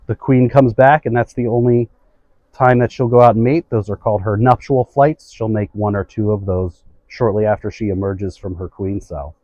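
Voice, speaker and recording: A man with a warm, mellow voice, talking a listener through a hive inspection. He explains calmly and unhurriedly. The sound is dry and a little dull, like a modest outdoor recording. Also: medium pitch, no room sound. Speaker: beekeeper. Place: outdoors at a beehive.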